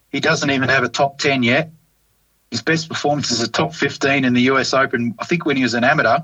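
A man with an Australian accent co-hosting a casual golf podcast, ranting in an animated, exasperated way. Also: medium pitch, fast, slightly rough, low-quality recording. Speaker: podcast co-host.

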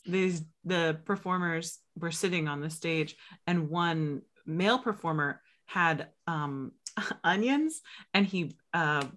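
Female podcast co-host, lowish voice, slow, giggly storytelling. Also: a bit bright. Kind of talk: casual chat.

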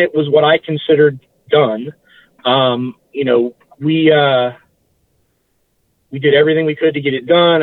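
A man's voice: on the high side, dry recording. Male guest, casual talker who restarts and corrects himself, dry thin phone audio. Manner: rambling, self-correcting recollection. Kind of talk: casual interview chat. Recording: tinny phone-like line, dry.

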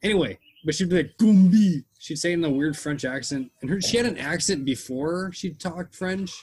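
Husky young guy hosting a podcast, rambly and joking around with his buddies. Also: a little high, fairly quick. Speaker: podcast host. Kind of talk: casual chat.

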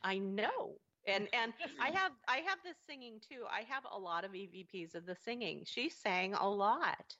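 A woman's voice: medium pitch, expressive, normal speed, few pauses, sharp tone, highs cut off. A woman author chatting enthusiastically in an interview, restarting her sentences as she talks. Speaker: paranormal author. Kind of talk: casual interview chat.

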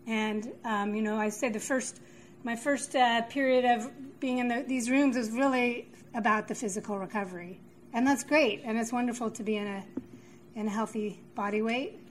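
A fairly high-voiced woman speaks at a recovery meeting, feeling her way through a personal share with frequent pauses and restarts. Faint room noise sits under her voice. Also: poor audio. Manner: halting, many fillers and restarts.

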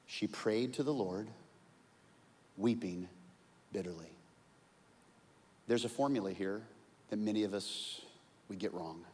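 A man preaching a sermon in an animated way, acting out the voices of the people in his story. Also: fairly low pitch, unhurried, long pauses, big-room sound. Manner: animated, acts out quoted voices. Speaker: pastor.

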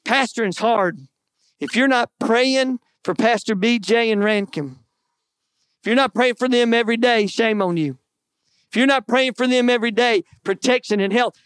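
A man's voice: very high voice, normal speed, a bit bright, dry recording, clean studio sound. A middle-aged man preaching a sermon in an earnest, conversational way, with folksy asides to the congregation. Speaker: pastor.

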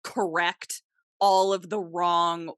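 Brief: bright-voiced young American woman, casual podcast co-host, lively and profane. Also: fairly low pitch, slow pace, smooth, no room sound, studio quality. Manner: animated, swearing, chatty. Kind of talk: casual chat.

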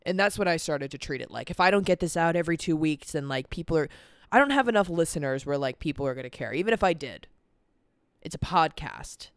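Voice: medium pitch, expressive, fast, clean tone, no room sound, studio quality. An eighteen-year-old podcast host talking in a tired, rambling, sweary way, full of "like" fillers, about stress and a busy month. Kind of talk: casual vlog-style chat. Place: cold indoor room. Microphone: camera on a timer.

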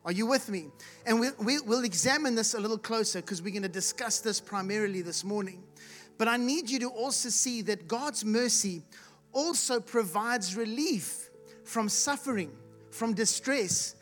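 A preacher giving a sermon to a live congregation, asking rhetorical questions and calling for responses, at times rising to loud shouts. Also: mid-range voice. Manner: rises to loud shouts when acting out the blind man's cries. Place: church hall with live congregation.

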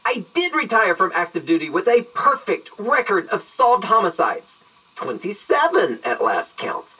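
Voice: medium pitch, very animated, measured pace, sharp tone, husky, recorded from a distance, exaggerated voice, low-quality recording. A performer playing an eccentric retired detective who gives a long, theatrical answering machine greeting in an audio drama. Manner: long-winded, verbose and mock-grand.

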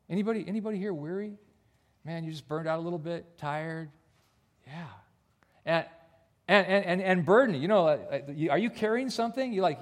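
A male pastor preaching a sermon, earnest and personal, dropping almost to a whisper on soft points. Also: sits high, fairly quick. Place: church.

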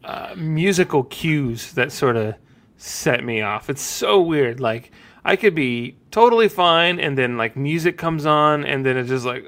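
A man's voice: on the high side, animated, measured pace, pushed and bright. A man in his forties hosting a podcast, chatting casually and laughing often. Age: 40s. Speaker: podcast host. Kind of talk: casual chat.

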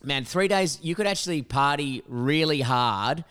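A man's voice: on the high side, animated, measured pace, a bit bright, clean tone. A young Australian man co-hosting a podcast, brash and teasing with lots of swearing. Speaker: podcast co-host. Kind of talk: casual podcast banter.

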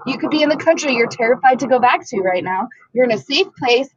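A woman's voice: high-pitched, animated, fast talker, hardly any pauses, highs cut off, a little hiss or hum. A woman co-hosting a podcast, telling a story in casual chat and swearing a lot as she acts out the people in it. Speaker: podcast co-host.

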